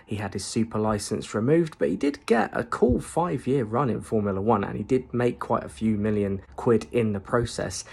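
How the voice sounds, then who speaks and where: A man with a lowish voice delivers a comic tall tale in a dry, matter-of-fact tone. He keeps it deadpan, as if the absurd story were perfectly ordinary. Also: normal speed, gravelly, hardly any pauses, husky. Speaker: comedic storyteller.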